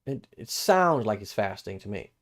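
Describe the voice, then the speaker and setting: On a live-streamed Bible study, a man with a lowish voice and big pitch swings speaks at a moderate pace. He reads verses aloud and reacts casually, repeating and rereading phrases as he thinks, his plain-spoken asides sitting between the formal scripture readings.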